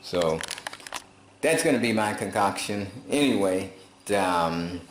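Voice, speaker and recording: A man talking in a folksy, preachy, casual vlog style, telling animated stories. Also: deep voice, slow, a little hiss or hum. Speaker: vlogger. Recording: roomy echo.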